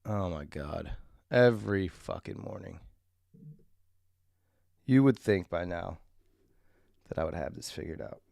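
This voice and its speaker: A man's voice: low voice, expressive, unhurried, vocal fry, pauses often, darkish tone, dry recording. Male streamer, tired and crude, rambling morning chat, dry close mic. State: tired, clearing his throat. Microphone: desk mic.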